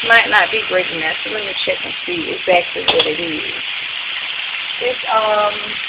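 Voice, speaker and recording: A woman's voice: mid-range voice, a little slow, highs cut off. Chatty woman over sizzling pans. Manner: relaxed, chatty, with many fillers. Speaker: cooking video host. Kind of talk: casual step-by-step cooking demo. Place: home kitchen. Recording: noisy home video with pan sizzle. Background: frying and sizzling pan.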